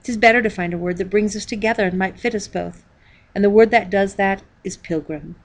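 A woman reading a diary-style children's book aloud, calling out the page numbers as she goes. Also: mid-range voice. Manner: reads page numbers aloud, measured storytelling. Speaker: reader.

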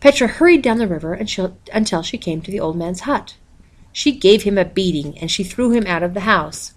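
A woman's voice: medium pitch, fairly quick. Woman reading a picture book aloud. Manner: steady, expressive, reads page numbers aloud. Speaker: storybook reader.

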